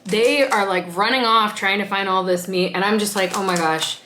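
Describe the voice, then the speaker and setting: This woman's mid-range voice is bright and forceful, moving at a moderate pace. She's a vlogger in casual conversation, spinning stories with laughter and frequent fillers, recorded in an echoey room with slight noise.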